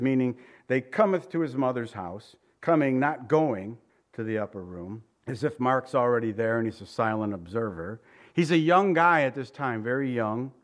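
Speaking on the high side, a man who pastors delivers an expository sermon in a lively, conversational style. He regularly turns to the congregation with questions.

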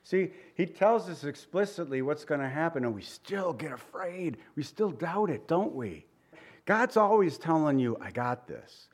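A man's voice: a little high, expressive, moderate pace. A middle-aged man preaching a sermon in a conversational way, asking the listeners rhetorical questions. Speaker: pastor.

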